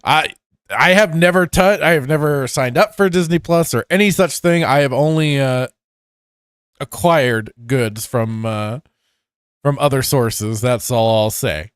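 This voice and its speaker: A man hosts a casual podcast, reading chat messages aloud and talking loosely, full of fillers and restarts, and laughing often. His mid-range voice is smooth and a little slow, recorded in studio quality with no echo.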